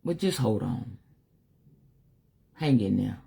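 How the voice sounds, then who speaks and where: A woman's voice: very deep voice, lively intonation, takes it slowly, creaky, dark tone, husky. A woman, talking heartfelt and unscripted on a livestream, weary at times, laughing at others, swearing freely. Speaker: spiritual life coach on a live stream. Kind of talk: emotional casual livestream monologue.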